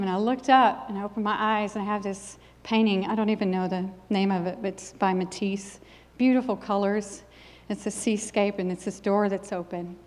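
A woman's voice: mid-range voice, darkish tone. A middle-aged woman preaching a sermon with a personal testimony, in an earnest, emphatic preaching cadence. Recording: long hall reverb.

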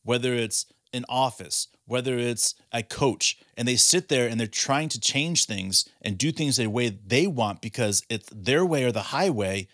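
A man in a casual sports talk show, building his argument with questions he answers himself. His voice sits at a middle pitch and sounds dry and close, with no room around it. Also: animated, measured pace, hardly any pauses, fairly bright tone, dry recording. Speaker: podcast co-host.

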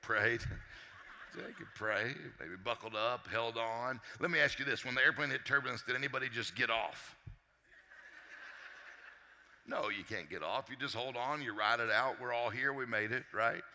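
A man giving an energetic motivational talk to a live audience as a success coach, joking and quizzing the crowd. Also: medium pitch, normal speed, big-room sound, a little hiss or hum. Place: large hall with a live audience.

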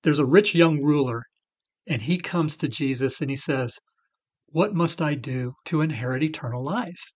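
A man's voice: fairly high pitch, moderate pace, breathy edge. Earnest middle-aged man sharing testimony. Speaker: recovery podcast co-host. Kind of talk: faith-based recovery talk.

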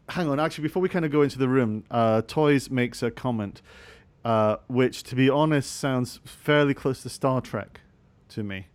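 A man's voice: medium pitch, clean tone. Rambling Scottish man hosting a podcast. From Scotland. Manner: rambling, self-mocking, many fillers. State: sleep deprived. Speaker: podcast host. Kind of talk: casual podcast chat.

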